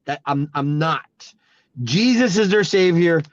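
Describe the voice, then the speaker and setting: A man with a high voice tells a personal story in a casual faith chat, animated and acting out each quote as he goes. The recording is dry and a little dull. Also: measured pace, dry recording. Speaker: host.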